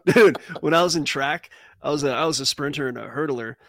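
A man's voice: on the high side, a little fast, no echo, clean studio sound. A man co-hosting a casual podcast, joking and telling stories. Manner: joking, tells stories with goofy voices. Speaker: co-host.

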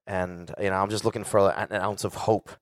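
A man's voice: sits low, little pitch movement, brisk, no room sound, clean studio sound. A man in his forties, a singer, telling a candid and profane story casually to a live audience. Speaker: guest singer.

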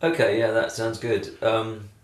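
A man co-hosting a casual comedic chat, quick and enthusiastic, musing aloud. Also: fairly low pitch, little pitch movement, noisy background. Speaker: podcast co-host. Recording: roomy echo.

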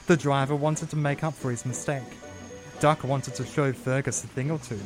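Measured male storyteller over music. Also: medium pitch, fairly even intonation. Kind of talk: scripted storybook narration.

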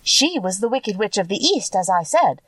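A woman doing a sweet, calm old good witch. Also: medium pitch, moderate pace, no room sound, distant mic, low-quality recording. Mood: calm, kindly. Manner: sweet, calm, gently assured. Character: small, wrinkled, kindly old female good witch.

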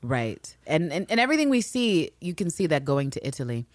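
A woman with a low voice talks in a casual podcast recap chat. Her pitch swings widely as she gets animated and acts out quotes in other voices. She swears freely, and the sound is dry and close. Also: fairly quick, no room sound. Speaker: podcast co-host.

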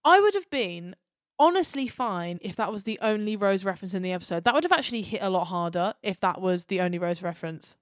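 A woman's voice: medium pitch, expressive, fast, no echo, studio quality. A young woman co-hosting a podcast, gushing with enthusiasm in casual chat. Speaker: podcast co-host.

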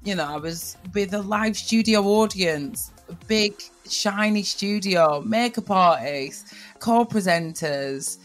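A woman with a Northern English accent, a TV presenter telling her personal story in an animated way, with her voice jumping for quoted speech. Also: medium pitch, slow pace, soft background music.

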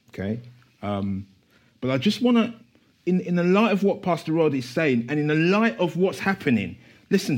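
A man preaching a church sermon, moving from quiet asides to impassioned, emphatic declarations. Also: fairly high pitch.

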